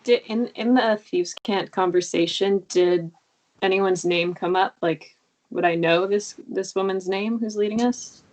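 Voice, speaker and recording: A woman's voice: mid-range voice, a little slow, a little mellow, poor audio. A woman asking questions as a player in a tabletop game, casual and curious.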